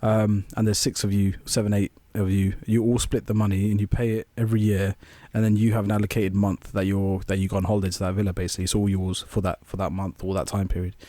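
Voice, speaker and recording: Man telling an animated story. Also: lowish voice, quick pace, hardly any pauses, no room sound. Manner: animated storytelling with swearing and laughter. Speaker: podcast co-host. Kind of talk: casual chat.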